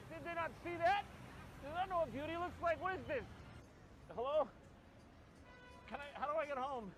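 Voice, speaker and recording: A man's voice: very high voice, noisy background, pitched above the performer's own voice. A man voicing a frantic, bewildered man lost in the city, who stammers and rambles in a panic.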